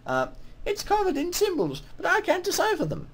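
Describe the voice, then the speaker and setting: Brief: chirpy young goblin girl, done by a man in falsetto, clumsy mock British accent, eager, voice leaps up and down. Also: huge pitch swings, normal speed, fairly bright tone, exaggerated voice. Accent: mock British, done badly. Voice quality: high, sing-song falsetto. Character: young female cave goblin archaeologist.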